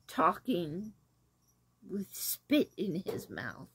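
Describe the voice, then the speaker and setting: A woman hosting a casual talk about an old film, rambling and hesitant with many pauses. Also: sits low, lively intonation, a little mellow, breathy edge, no room sound. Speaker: host reviewing an 80s film. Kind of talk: casual chat.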